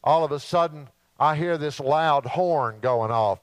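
A man preaching a sermon in a folksy, animated storytelling way, acting out asides and mimicking sounds. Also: fairly high pitch, measured pace, no room sound, rough recording. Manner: mimics alarm beeps and announcements.

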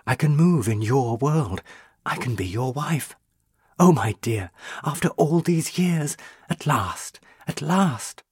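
A man voicing a young female ghost, a burned witch, speaking in a pleading, tender and intense way with a husky voice. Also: medium pitch, lively intonation, slow pace, darkish tone, no room sound, studio quality, voice pushed up, full character voice.

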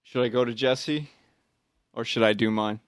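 A man's voice: medium pitch, steady tone, clear, resonant tone, no room sound. Podcast co-host, male, blunt and profane, dry booth sound. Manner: profane, emphatic, halting with restarts. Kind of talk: casual chat.

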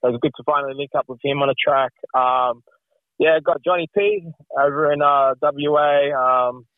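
A man's voice: mid-range voice, moderate pace, no room sound. Aussie guy on a phone line, laid back, lots of ums, tinny and dry. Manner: relaxed, many ums, says mate. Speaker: guest rapper. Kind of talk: casual interview.

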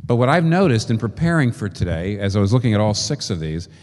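A male pastor delivers his sermon with animated pitch, rising and falling across questions and emphatic lists. His voice rings with the long reverb of a large hall. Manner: expressive preaching with rhetorical questions and slow emphatic lists.

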